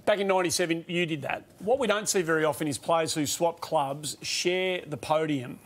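An Australian man hosting a casual panel chat, relaxed and easygoing, dropping in short agreements. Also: a little high, normal speed. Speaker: host.

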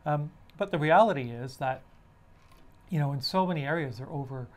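A man co-hosting a casual discussion podcast, talking in halting runs full of restarts as he builds a point. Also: fairly high pitch. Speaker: podcast co-host.

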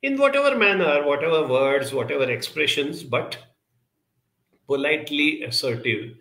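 Brief: male counsellor with a gravelly, bright voice, earnest and advisory, some hesitations, echoey room. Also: on the high side, animated, normal speed. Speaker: counsellor giving a talk. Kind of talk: talk answering audience questions.

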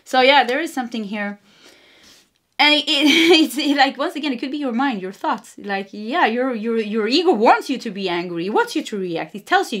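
A woman with a Swedish accent giving a casual spiritual tarot reading, meandering and giggly, gently reassuring. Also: on the high side, animated, moderate pace. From Sweden. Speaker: tarot card reader.

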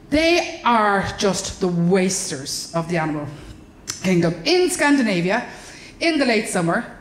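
An Irish woman doing stand-up comedy on a club stage, animated, exaggerated and sweary. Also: mid-range voice, slight background noise. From Ireland. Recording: roomy live venue.

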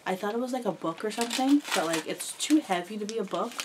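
A young woman vlogger gushing excitedly as she unboxes gifts, full of "like" fillers. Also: mid-range voice, quick pace, heavy background noise. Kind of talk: gift unboxing chat.

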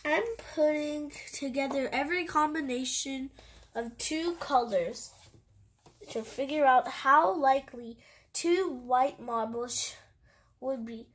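A woman's voice: sits high, slow pace. A woman reading the lines of an earnest young boy who explains things eagerly.

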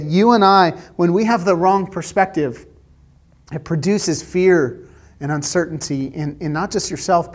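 Conversational pastor telling a story. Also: male voice, high voice. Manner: conversational storytelling with many restarts and fillers. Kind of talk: sermon. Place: church stage.

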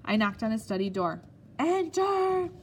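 A woman narrating an audiobook in a steady, measured storytelling manner. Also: lowish voice, a little hiss or hum.

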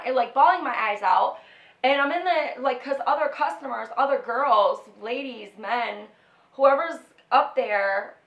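A woman's voice: a little high, a bit bright, reverberant. A young woman vlogger telling a personal story in a casual, emotional, rambling way, full of "like" and restarts.

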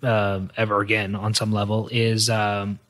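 A man hosting a podcast, telling stories in a relaxed, easygoing way. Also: lowish voice, measured pace. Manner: relaxed, laughs easily, lots of fillers. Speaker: podcast host. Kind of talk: casual chat.

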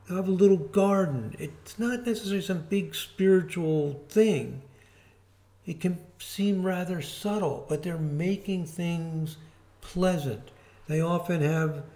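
With a fairly high pitch, the man walks viewers through an astrology lesson on video. It's informal and relaxed, peppered with fillers and restarts.

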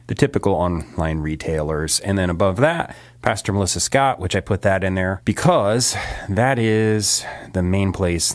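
A man with a very deep voice talks casually into a studio microphone, rambling and laughing often. His throat is still a little rough from a recent illness. The sound is dry and close, with no room echo. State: recovering from a sore throat. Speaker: singer-songwriter. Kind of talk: casual vlog chat. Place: home recording studio.

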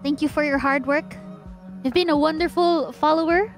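A young woman streaming a game, swinging between mock-solemn eulogies and loud panic. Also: sits high, steady tone, normal speed. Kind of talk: live game stream commentary. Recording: game music playing behind.

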